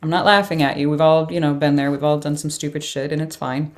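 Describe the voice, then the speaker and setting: A woman's voice: deep voice, fairly even intonation, fast talker. A woman doing a casual tarot reading, thinking aloud and reacting to the cards with surprised exclamations. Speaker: tarot reader.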